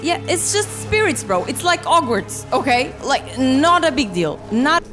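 A woman's voice: sits high, very animated, a little slow. A woman in her twenties commentating a horror game as she plays, reacting with exclamations and swearing. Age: 20s. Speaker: gaming video creator. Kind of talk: let's play commentary. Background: game music.

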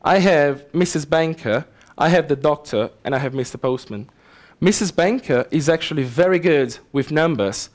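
A man giving a casual, lively technical talk at a conference, often checking in with the audience. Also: fairly high pitch, moderate pace. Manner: casual, animated explaining with asides to the audience. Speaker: conference speaker. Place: conference hall.

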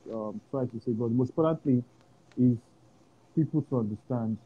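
A man's voice: medium pitch, a little fast, slightly rough. A man telling a personal story in an interview, acting out quoted voices and laughing often. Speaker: interview guest. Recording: dull lo-fi sound with faint hiss.

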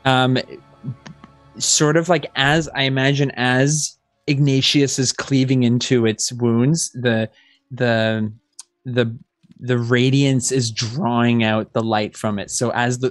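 A man playing a tabletop game, describing his character's moves in a hesitant, halting way with repeated words. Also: medium pitch, flat delivery, no room sound, soft background music. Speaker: player. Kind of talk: tabletop role-play.

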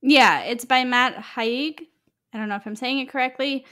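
A woman's voice: sits high, moderate pace, a bit bright. A young woman co-hosting a podcast in casual chat, rambling and laughing, full of fillers. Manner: rambling, giggly, lots of fillers. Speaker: podcast co-host.

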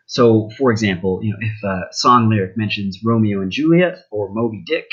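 A young male teacher talks through a recorded lesson in a loose, rambling way, full of fillers and asides. His voice is low and a little husky. The recording sounds dull and lo-fi. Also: moderate pace, a bit bright.

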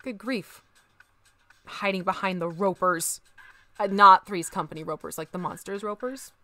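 A woman's voice: medium pitch, normal speed, bright, forceful tone, faint music behind. A young woman chatting casually on a livestream while she paints miniatures, bubbly and talkative as she reads chat.

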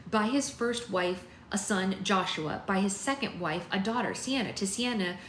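A woman voicing a sharp, bossy young witch who speaks urgently and commandingly. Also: mid-range voice, moderate pace, close to an everyday voice. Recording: echoey room with faint noise.

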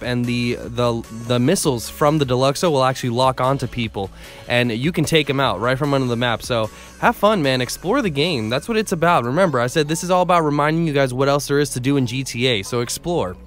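A man's voice: medium pitch, brisk, a bit bright, soft background music. Chatty man narrating game tutorial. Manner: chatty, rambling with fillers, laughs at himself. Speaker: gaming YouTuber. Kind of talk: casual game tutorial voice-over.

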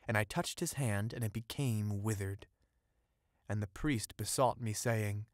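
A man with a low-set voice reads a classic fairy tale aloud as an audiobook. The delivery is steady and ornate, close to the mic, with a dry sound and no echo. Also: measured pace. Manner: steady, ornate storytelling read. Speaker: audiobook narrator. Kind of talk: scripted audiobook narration.

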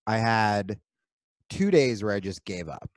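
Lower-voiced man telling animated, profane stories. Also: measured pace, dry recording. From New Jersey. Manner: animated storytelling, swears often, mimics his own inner voice. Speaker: podcast co-host. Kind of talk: casual chat.

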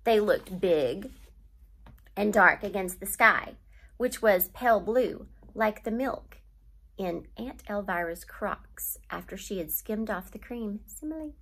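Her voice is mid-range with a breathy edge. She's a teacher reading a children's novel to her class, keeping the narration steady and stopping now and then to name literary devices.

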